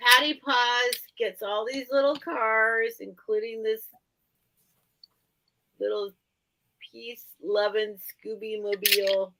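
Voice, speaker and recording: A woman hosting a live online sale, chatting excitably and teasing herself. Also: fairly high pitch, slow, pauses often, poor audio. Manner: chatty, excitable, self-mocking. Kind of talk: casual live-sale chat.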